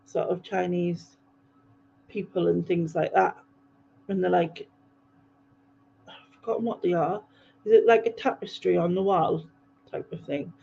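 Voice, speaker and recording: A woman's voice: lowish voice, creaky, mellow, slight background noise. A woman hosting a livestream, casually rambling through viewer comments with frequent ums and laughs. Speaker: livestream host. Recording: dull lo-fi livestream audio.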